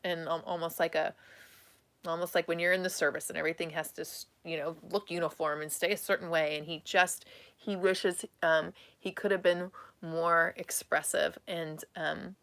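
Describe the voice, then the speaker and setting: A woman psychic medium giving a live reading, speaking in a halting, emotional way with many restarts, at times tearful. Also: lowish voice, fairly even intonation, fairly bright tone.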